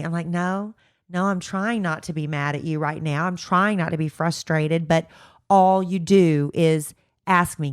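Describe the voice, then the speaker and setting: A woman's voice: low voice, fairly even intonation, normal speed, smooth, dry recording, studio quality. A middle-aged woman co-hosting a podcast in casual chat, venting frankly while fighting a cold with a stuffed-up nose. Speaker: podcast co-host.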